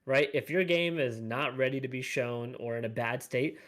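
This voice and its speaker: A man's voice: mid-range voice, moderate pace, fairly bright tone. A man co-hosting a podcast in an enthusiastic casual chat. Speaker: podcast co-host.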